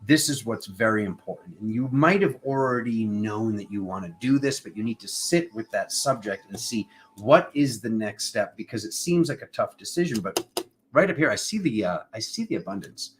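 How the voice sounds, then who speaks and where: A man's voice: fairly low pitch, expressive, normal speed, a little hiss or hum. A man giving a casual, playful tarot reading, rambling between jokes and card meanings. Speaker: tarot reader.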